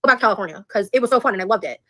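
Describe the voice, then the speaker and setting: Woman, casual livestream chat, rambling, blunt, cursing, mid-pitched voice. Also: expressive, very fast, sharp tone. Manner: rambling, frank, swears freely.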